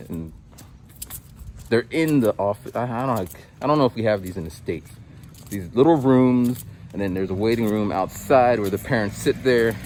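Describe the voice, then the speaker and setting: A man in his forties, an English teacher, casually telling stories in a vlog and acting out quotes with big jumps in pitch. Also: darkish tone, a little hiss or hum. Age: 40s.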